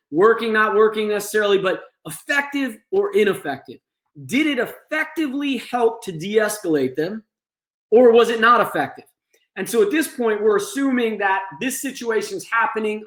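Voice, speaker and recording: A man's voice: high-pitched, a bit bright, reverberant. A man hosting a training session, explaining crisis de-escalation steps to an online audience. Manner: explanatory, acts out examples. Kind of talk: instructional talk.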